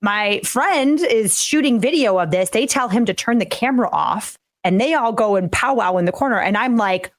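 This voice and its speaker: Lively storytelling woman, dry close sound. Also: no echo. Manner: storytelling, animated with quick rising pitch. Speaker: co-host. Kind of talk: casual chat.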